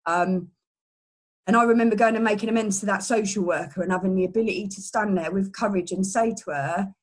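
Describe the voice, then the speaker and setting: A woman's voice: mid-range voice, slightly rough. Earnest woman sharing her recovery. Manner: halting, earnest, many restarts and fillers. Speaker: person in recovery sharing a story. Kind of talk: personal testimony.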